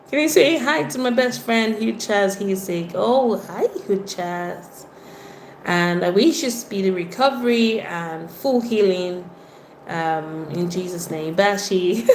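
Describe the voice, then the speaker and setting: Nigerian-accented woman hosting a live stream, chatty and warm with viewers, roomy echo, faint hum behind. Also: mid-range voice, slow. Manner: chatty, greets viewers by name, lively exclamations. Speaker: livestream host. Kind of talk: casual livestream chat reading viewer comments.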